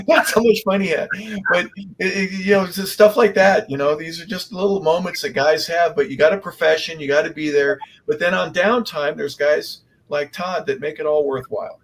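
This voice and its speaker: A man's voice: a little high, normal speed, poor audio. A man hosting a sports talk show, chatting casually and reacting enthusiastically to his guest. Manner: enthusiastic, affirming interjections. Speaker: sports radio host. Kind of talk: casual talk radio chat.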